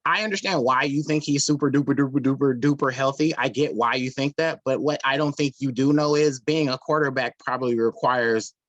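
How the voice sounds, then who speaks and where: A man's voice: mid-range voice, fairly quick, few pauses, fairly bright tone, dull audio. A man co-hosting a podcast, talking casually and laughing a lot as he teases and interrupts. His voice sits mid-range and sounds dry and close, with no room echo at all. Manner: laughs often, interrupts, teasing. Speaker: podcast co-host. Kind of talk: casual chat.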